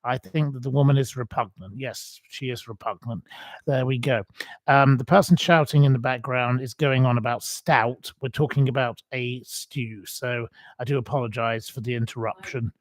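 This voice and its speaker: A man's voice: medium pitch, steady tone, moderate pace, dry recording. A man hosting a livestream, answering viewer questions in blunt, opinionated casual chat with lots of ums.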